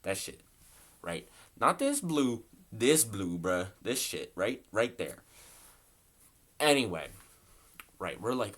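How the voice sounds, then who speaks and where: Low-voiced young man rambling a storytime. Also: lively intonation, measured pace, fairly bright tone. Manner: rambling and profane, heavy on "like" and "bro". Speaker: storytelling vlogger. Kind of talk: casual storytime. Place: his bedroom at home.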